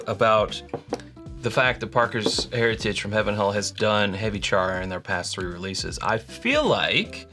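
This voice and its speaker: Casting: low-pitched man, whiskey show co-host, playful and rambling, faint music underneath. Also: fairly bright tone. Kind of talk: casual tasting chat.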